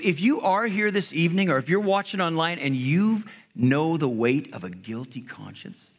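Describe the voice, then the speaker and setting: A pastor preaches a sermon conversationally in a church hall, retelling a story and briefly acting out its characters. He has a fairly high-pitched male voice, and the recording carries long hall reverb.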